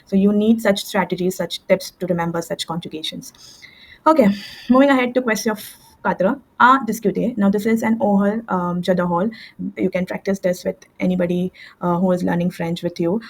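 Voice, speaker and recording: A woman tutoring French, explaining verb endings step by step with fillers and quick self-corrections, at a desk with a computer mic. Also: mid-range voice, low-quality recording. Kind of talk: screen-share language lesson.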